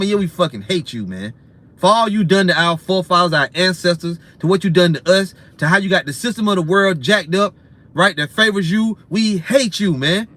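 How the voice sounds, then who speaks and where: A man preaching a heated, profane, ranting sermon, repeating himself and tagging lines with "man", swinging between loud and quiet and fast and slow. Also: sits high. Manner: profane, repetitive, swings in loudness and speed.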